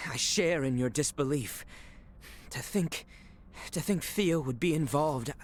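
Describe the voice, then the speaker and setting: An actor voicing a loyal young knight who speaks in a formal, courtly way. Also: male voice, fairly high pitch, slow. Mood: earnest. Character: loyal young male knight, earnest and protective.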